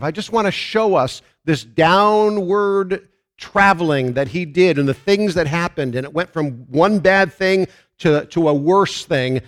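Male pastor, sermon delivery, slightly high voice, emphatic preaching rises. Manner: rises to loud preaching on scripture and crowd shouts; halting restarts when speaking plainly.

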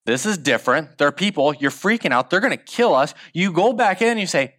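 A man gives a sermon in a fairly high voice. He retells a story with lively energy, slips into the voices of the people in it, and speaks straight to the listeners. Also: fairly quick, hardly any pauses. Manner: animated storytelling, acts out quotes. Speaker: pastor.

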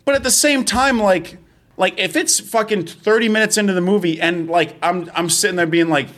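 A man's voice: high voice, moderate pace, fairly bright tone. A young man co-hosting a podcast, telling stories in casual chat, swearing freely and often laughing through his words. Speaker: podcast co-host.

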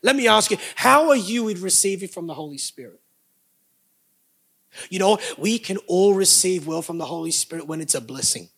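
A man's voice: high-pitched, animated, moderate pace, gravelly, fairly bright tone, breathy edge. A man, preaching a sermon as pastor with emphatic bursts and joking asides to the congregation.

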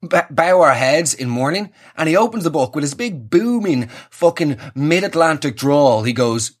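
A man's voice: a little high, lively intonation, normal speed. A young Irish man telling a comic story with sweary, exasperated ranting. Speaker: comedian.

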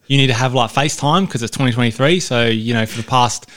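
A man's voice: medium pitch, quick pace, a bit bright. A man co-hosting a podcast, chatting casually about a movie and repeating his phrases for emphasis. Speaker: podcast co-host. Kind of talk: casual movie review chat.

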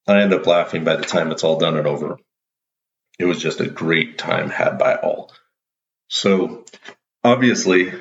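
A man's voice: rumbling low, a little hiss or hum. A man hosting his own show, telling a playful story in a casual, upbeat monologue. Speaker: show host. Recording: roomy, dull lo-fi audio.

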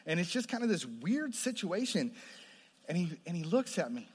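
A man preaching a testimony sermon, moving between hushed storytelling and loud, impassioned passages. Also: sits high, very animated, normal speed, husky. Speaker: pastor. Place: large hall with audience. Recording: long hall reverb.

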